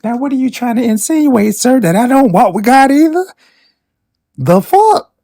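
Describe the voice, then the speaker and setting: A man's voice: very high voice, expressive, moderate pace, warm tone. A man in his twenties speaking earnestly and reflectively in an interview clip. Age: 20s.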